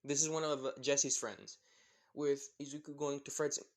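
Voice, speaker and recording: A man telling a fan story off the cuff, rambling and leaning on fillers as he thinks out loud. His voice sits at an ordinary middle pitch, casual and unscripted. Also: level tone, normal speed. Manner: rambling, many fillers like "pretty much". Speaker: narrator.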